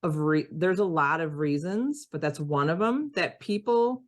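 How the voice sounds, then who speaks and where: A woman's voice: sits low, lively intonation, a little slow. A woman hosting a podcast, affirming her guest's points and asking follow-up questions. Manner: affirming, encouraging interviewer. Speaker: podcast host. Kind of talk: interview questions.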